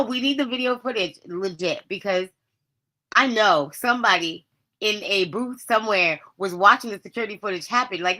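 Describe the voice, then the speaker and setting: Bright-voiced woman podcast host telling stories. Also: medium pitch. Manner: animated, dramatic storyteller who laughs often; chatty slang, addresses listeners as babes. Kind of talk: casual storytelling monologue.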